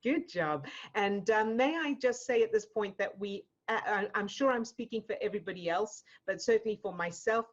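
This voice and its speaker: A woman's voice: mid-range voice, moderate pace, few pauses, muffled recording. Encouraging woman hosting a video session. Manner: encouraging, thanks people often. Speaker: host, session leader. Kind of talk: warm group facilitation on video call.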